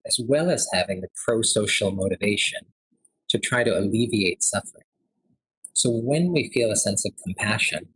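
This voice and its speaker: Husky-voiced man telling a story. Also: on the low side, a bit bright, no room sound, low-quality recording. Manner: earnest, conversational, with frequent fillers. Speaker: speaker at a health forum. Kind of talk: storytelling lecture.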